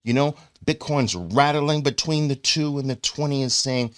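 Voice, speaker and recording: A man with a New York accent teaching a trading chart lesson, playful and animated, acting out lines for the moving averages. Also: medium pitch, normal speed, few pauses, clean tone, no room sound, studio quality. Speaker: trading educator.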